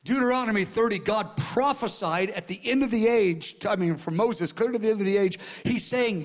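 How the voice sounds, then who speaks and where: A man preaching a sermon in an earnest way, repeating phrases and swinging from quiet murmurs to loud outbursts. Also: high voice, a little fast, few pauses.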